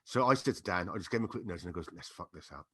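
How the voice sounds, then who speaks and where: A man's voice: sits low, rapid-fire, a little hiss or hum. A middle-aged man telling a funny story on a podcast, laughing and acting out quotes. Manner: animated anecdote-telling with laughter and acted-out quotes. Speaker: podcast guest. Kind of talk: casual storytelling chat.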